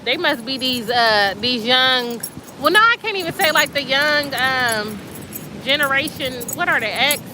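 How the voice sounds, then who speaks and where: A woman hosting a casual live stream outdoors by the sea at night, chatting and reading comments in an excitable, slangy way. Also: high-pitched, measured pace. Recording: outdoor phone audio with surf and wind noise. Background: waves and wind.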